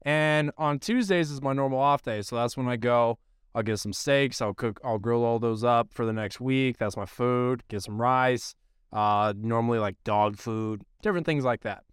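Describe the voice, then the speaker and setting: A man hosting a podcast spins a loose, profane story, leaning hard on filler words. His voice is smooth and clear. It is recorded dry and close, with no room sound. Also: mid-range voice, normal speed, no echo. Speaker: podcast host. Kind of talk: casual storytelling.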